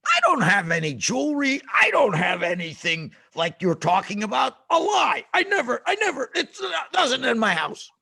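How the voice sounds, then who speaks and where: A man voicing a grieving, panicked Egyptian neighbor who shouts at the door. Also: very high-pitched, sing-song, moderate pace, gravelly, few pauses, breathy edge, voice pushed up, exaggerated voice. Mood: denying.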